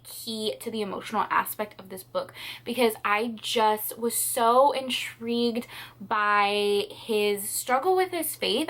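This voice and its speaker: A woman's voice: fairly high pitch, a bit bright. Tearful young woman gushing about a book. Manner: rambling, breathless, repeats herself, swears. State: tearful, crying. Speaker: book vlogger. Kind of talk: emotional reading vlog. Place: at home, indoors.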